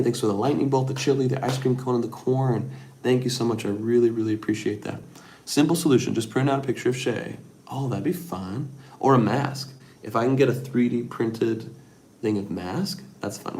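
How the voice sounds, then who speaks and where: A middle-aged man hosting a casual livestream, reading viewer comments and rambling softly with lots of fillers. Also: medium pitch, moderate pace, a little hiss or hum. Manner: rambling, soft-spoken, with many fillers. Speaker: livestream host.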